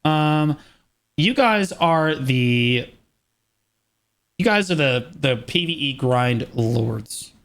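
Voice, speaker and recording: A man co-hosting a gaming podcast, ranting in an animated, opinionated way in casual chat. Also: medium pitch, slow pace. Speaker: podcast co-host.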